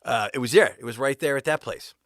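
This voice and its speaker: A man's voice: medium pitch, quick pace, a bit bright, no echo, studio quality. A man, a music video director, telling a personal story in casual style, laughing often and swearing, with bursts and restarts.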